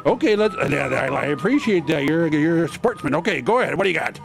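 Male host, gravelly fry, a bit high, loose rambling delivery, laughs often. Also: expressive, fast, faint music behind. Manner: rambling, stammering, laughs a lot. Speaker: radio host. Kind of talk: radio show chat.

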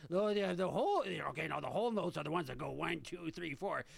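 A man's voice: a little high, lively intonation, fast talker, gravelly, slightly rough, dry recording. A man hosting a radio show, chatting casually with a caller, stammering through restarts and laughing easily.

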